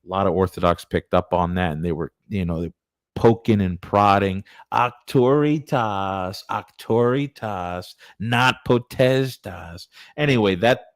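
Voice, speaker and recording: A man's voice: deep voice, moderate pace, dry recording. A man presenting church history in an earnest, digressive, conversational lecture. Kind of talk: casual lecture.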